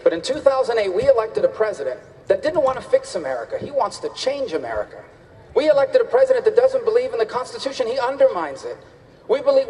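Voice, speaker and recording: A man's voice: very high voice, warm tone. A man running for president, giving emphatic, repetitive debate answers on a stage. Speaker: presidential candidate. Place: large debate hall on stage. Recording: reverberant debate hall.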